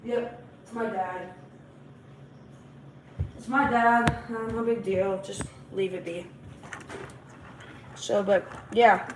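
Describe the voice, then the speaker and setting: A woman's voice: mid-range voice, steady tone, slow, long pauses, background noise. Rambling woman full of fillers. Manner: rambling, many fillers and restarts. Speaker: livestream host. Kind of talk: casual livestream talk.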